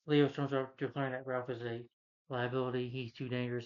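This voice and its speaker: A man's voice: medium pitch, flat delivery, fast talker, a little mellow, lo-fi sound. A man reviewing a film, casually retelling its plot in a loose, rambling way with plenty of "you know".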